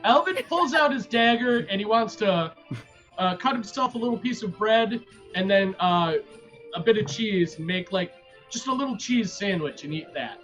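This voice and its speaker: Lively high-voiced man playing his character. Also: moderate pace, soft background music, poor audio. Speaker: player. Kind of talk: tabletop role-play, describing his character.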